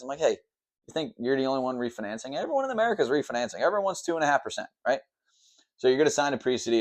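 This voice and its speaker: A man in his thirties rattles through the steps of a mortgage at a quick clip. He talks like a loan officer chatting to camera, blunt and casual, and he drops sarcastic asides along the way. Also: medium pitch. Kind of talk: casual explainer talk to camera.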